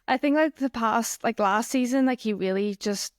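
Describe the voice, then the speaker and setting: A woman's voice: a little high, normal speed, no echo, studio quality. A woman co-hosting a casual podcast, chatty and playful, with plenty of "like" fillers. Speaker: podcast co-host.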